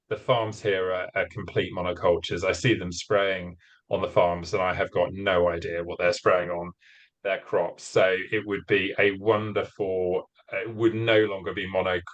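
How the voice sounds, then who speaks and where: A man's voice: sits low, steady tone, normal speed, poor audio. A man in a community group video call, describing his rural home in a rambling way with many fillers.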